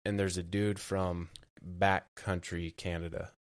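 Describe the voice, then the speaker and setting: A man's voice: low voice, little pitch movement, measured pace, clear, resonant tone, no echo, clean studio sound. A man co-hosting a casual podcast, speaking in an easygoing, agreeable way. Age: adult. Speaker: podcast co-host. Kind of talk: casual chat.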